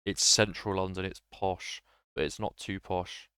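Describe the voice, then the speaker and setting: A man's voice: sits low, level tone, measured pace, pushed and bright, clean tone, no room sound, clean studio sound. A man streaming a game, chatting casually and laughing between lines, with many fillers. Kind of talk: casual gaming commentary.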